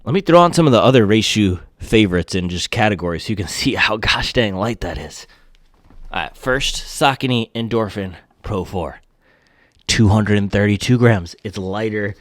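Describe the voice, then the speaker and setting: Excitable low-voiced man reviewing shoes. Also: moderate pace, no room sound. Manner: excitable, exclaiming, slangy. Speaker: shoe reviewer. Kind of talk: casual product review vlog.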